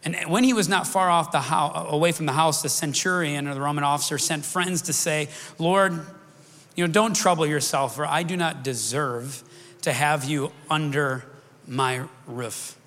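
Preaching at a moderate pace, this middle-aged pastor has a fairly high, fairly bright voice. His sermon is conversational, drifting off course as he keeps restarting sentences, all heard with the long reverb of a large hall.

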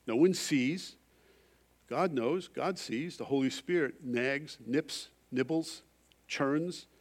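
Middle-aged guy pastor preaching, storytelling, gets loud then goes real quiet. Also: mid-range voice. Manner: storytelling, shifting from loud emphasis to hushed confession. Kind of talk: sermon.

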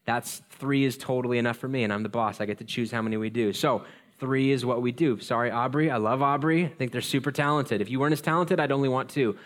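A male pastor delivering a sermon in a relaxed, chatty voice. He wanders into personal anecdotes and jokes at his own expense, with an ordinary mid-range pitch. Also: fast. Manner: conversational, self-deprecating, animated storytelling.

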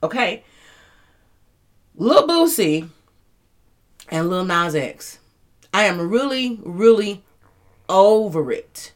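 A woman's voice: medium pitch, sing-song, slow, long pauses. A woman hosting a casual commentary show, chatty, rambling and laughing as she talks. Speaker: host.

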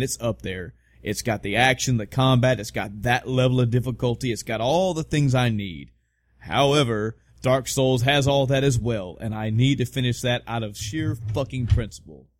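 A man's voice: mid-range voice, moderate pace, no room sound. A man co-hosting a casual podcast, rambling and swearing with self-mocking humor. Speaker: podcast co-host. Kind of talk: casual chat.

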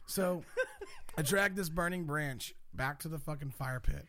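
A man's voice: fairly high pitch, moderate pace, background noise. A young man telling a chaotic story in casual chat, swearing often and laughing as he talks. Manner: animated, profane, laughing through his story.

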